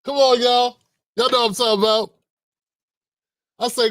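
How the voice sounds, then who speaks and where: A man's voice: extremely high pitch, steady tone, moderate pace, fairly bright tone, no room sound, studio quality. A middle-aged man hosting a livestream, slangy and joking, talking animatedly to his viewers. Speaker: host. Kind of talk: livestream commentary.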